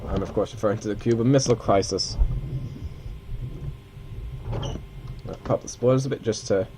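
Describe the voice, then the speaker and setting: A man's voice: lowish voice, moderate pace, background noise. A man giving casual, rambling commentary while playing a flight simulator. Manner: rambling, chatty asides with self-corrections.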